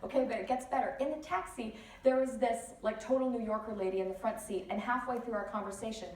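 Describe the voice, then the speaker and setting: A woman speaker giving a lively motivational talk at a conference, telling stories with many chatty asides. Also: on the high side, quick pace. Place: large conference hall. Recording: echoey hall, distant mic, faint noise.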